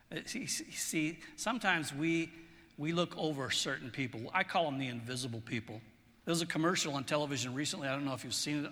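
Bright-voiced male preacher in a reverberant hall. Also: fairly high pitch. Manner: conversational, storytelling, repeats words. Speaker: pastor. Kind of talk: sermon.

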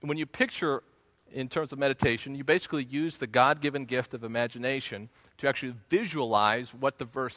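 A man preaching with a bright, forceful tone, earnest and teacherly, circling back to repeat his key phrases. His voice is close and dry with no room around it. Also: mid-range voice, dry recording. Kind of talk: sermon teaching.

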